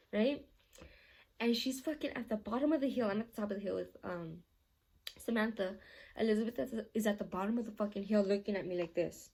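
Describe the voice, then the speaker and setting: A young woman talks straight to her viewers in a loose storytime Q&A. She rambles through the story, swearing heavily and padding it with filler words, and gets animated and laughs as it builds. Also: mid-range voice. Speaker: vlogger. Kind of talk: casual storytime Q&A.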